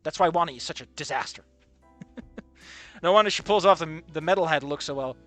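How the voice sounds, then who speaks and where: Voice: mid-range voice, a little fast, fairly bright tone, faint music behind. A streamer giving sarcastic, incredulous commentary on a visual novel and swearing freely. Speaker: let's play streamer.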